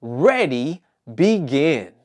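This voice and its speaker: Lively, slow-talking man teaching preschoolers. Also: fairly high pitch. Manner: cheery, talks to young kids and puppets with many questions. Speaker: preschool teacher hosting circle time. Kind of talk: children's circle time lesson.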